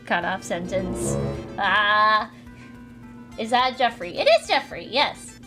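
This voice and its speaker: A woman's voice: medium pitch, slow pace, long pauses. A woman on a livestream, chatting casually and giggling while she reads comics and thanks donors. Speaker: streamer reading comics aloud. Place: home room. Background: faint music, dryer running.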